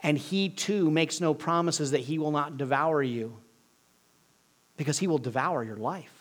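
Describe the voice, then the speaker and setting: Male preacher, husky voice, earnest sermon, goes loud then drops to a near whisper. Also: on the high side, unhurried. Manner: earnest, swinging between loud emphasis and hushed near-whispers.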